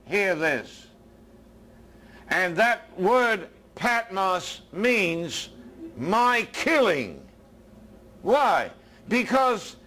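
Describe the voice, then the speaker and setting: An American man preaching a sermon as a minister, his voice dropping low and soft and then rising again.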